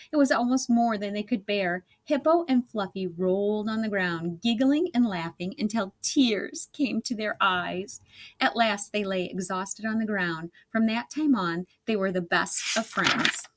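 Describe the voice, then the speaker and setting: Woman, children's storybook reader, expressive, laughs along, mid-pitched. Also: a little slow. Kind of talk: storybook read-aloud for children.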